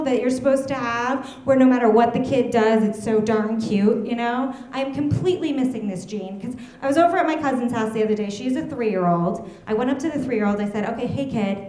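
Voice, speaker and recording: A woman's voice: fairly high pitch, darkish tone, reverberant. A woman in her thirties performing a stand-up set, telling chatty stories and giggling at her own jokes on a comedy club stage.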